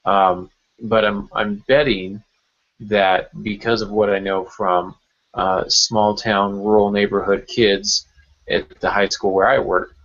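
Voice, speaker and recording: A man's voice: lowish voice, level tone, takes it slowly, fairly bright tone. A man who writes novels, co-hosting a casual podcast chat, hesitant with many fillers and restarts, over muffled call audio.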